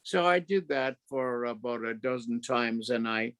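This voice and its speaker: A man's voice: medium pitch, a little slow, fairly bright tone, clean tone. An older man from Ireland with an Irish accent, telling rambling stories as an author at a talk, full of fillers and restarts. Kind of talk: anecdotal storytelling.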